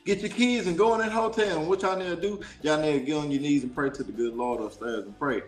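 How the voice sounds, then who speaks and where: A man from Dallas, a talk show guest telling a story in an animated, preachy way. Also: on the high side, quick pace, roomy sound, faint music behind. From Dallas, Texas. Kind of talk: casual storytelling.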